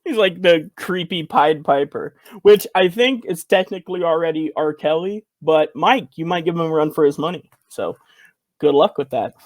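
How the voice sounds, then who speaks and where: Here is a giggly podcast co-host chatting casually, a little hesitant and full of ums. His voice sits slightly high, and the recording is dry and close. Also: normal speed, no echo.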